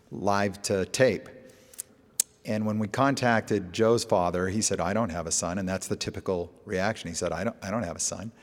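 A man, a TV show producer, giving a storytelling presentation to an audience and acting out phone calls in quoted dialogue. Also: lowish voice. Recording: echoey hall with long reverb.

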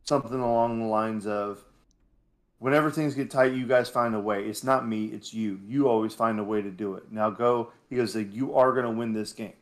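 A man co-hosting a casual podcast, a youth basketball coach who gets animated when making his points. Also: lowish voice, normal speed. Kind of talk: casual chat.

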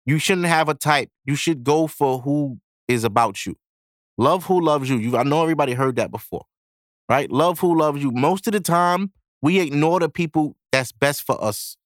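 A man's voice: fairly high pitch, normal speed, dry recording, studio quality. Profane young man giving blunt advice. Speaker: podcast host. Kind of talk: casual monologue.

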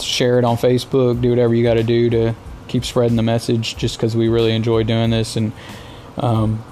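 Over faint background noise, a mellow, mid-range male voice carries a laid-back solo podcast. The host is from the US and wanders through exasperated anecdotes, dropping lots of filler words along the way.

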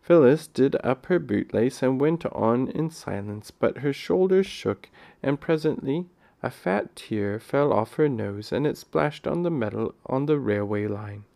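Slow, gravelly male storyteller. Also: mid-range voice, animated, warm tone. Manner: unhurried, with small stumbles. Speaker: audiobook reader. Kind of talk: reading a children's novel aloud.

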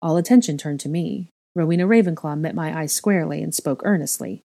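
A woman reading fiction aloud in a calm, steady narrating style. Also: sits low, a little fast, vocal fry. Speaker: reader.

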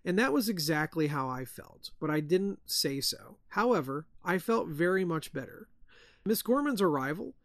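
A man, a podcast host, reading a ghost story aloud in a hushed storytelling voice. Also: a little high, lively intonation, normal speed, hardly any pauses, no room sound, clean studio sound.

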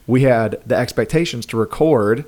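A man's voice: medium pitch, moderate pace. A middle-aged man with a New York accent, co-hosting a marriage podcast in a casual, joking storytelling way. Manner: storytelling, joking, animated asides. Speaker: podcast co-host. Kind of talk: casual chat.

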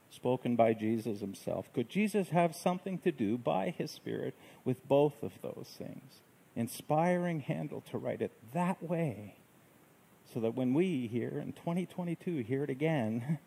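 Soft-spoken pastor guy, gravelly and mellow, reflective sermon, takes his time. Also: on the high side, low-quality recording. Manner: gentle, reflective, unhurried phrasing.

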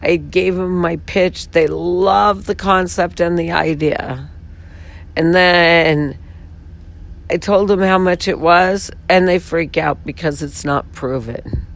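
A woman with a raspy, hoarse voice making an earnest, pleading pitch for her venture to donors and companies. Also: takes it slowly. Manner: pleading, heartfelt, frustrated. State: hoarse from talking all weekend. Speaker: founder pitching her water advertising venture. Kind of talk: earnest direct-to-camera pitch.

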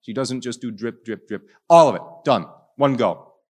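A male Catholic priest giving a sermon, telling a story dramatically and swinging between hushed lines and loud ones. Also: mid-range voice, normal speed.

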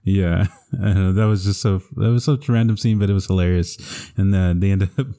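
A man with a low, mellow voice chats casually on a podcast. He retells movie scenes at length, full of fillers and restarts, and he chuckles often as he goes. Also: fairly even intonation, a little fast. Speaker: podcast co-host. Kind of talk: casual chat.

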